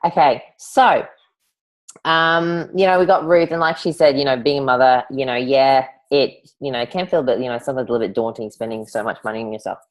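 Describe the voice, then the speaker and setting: A woman with a low voice hosts an online event over a video call. She is chatty and warm toward her guests and calls them honey and darling. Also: steady tone, brisk, low-quality recording.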